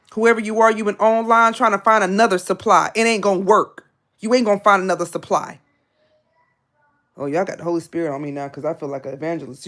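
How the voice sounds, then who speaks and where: A woman delivers a live tarot reading as a scolding monologue. Her voice sits on the high side, and she is blunt and profane, hammering the same lines again and again. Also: a bit bright. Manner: repetitive, confrontational. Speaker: tarot reader.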